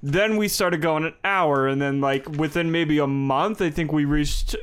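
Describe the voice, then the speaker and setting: A man's voice: on the high side, unhurried, smooth. A man from New Jersey hosting a podcast, chatting casually and rambling with some swearing. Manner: laid-back, rambling, swearing. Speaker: podcast host.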